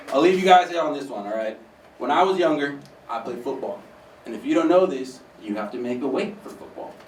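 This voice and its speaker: A man's voice: mid-range voice, slight background noise. A man in his twenties doing open-mic stand-up in a small theater, talking in a loose, profane, conversational way and saying "dude" often. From United States. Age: 20s. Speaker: stand-up comedian. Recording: roomy, distant mic with faint ambience.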